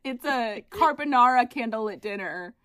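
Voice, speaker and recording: A woman's voice: on the high side, lively intonation, normal speed, a bit bright, no room sound. A woman co-hosting a podcast, chatting casually with laid-back, dry asides. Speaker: podcast co-host. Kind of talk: casual recap chat.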